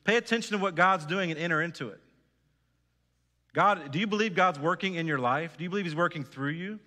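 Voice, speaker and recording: A man preaches a sermon in a church sanctuary, his voice bright and forceful and set a little high. He speaks earnestly and exhorts his listeners, often asking them direct questions. The sound carries a long reverb from the hall. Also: a little fast. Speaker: pastor.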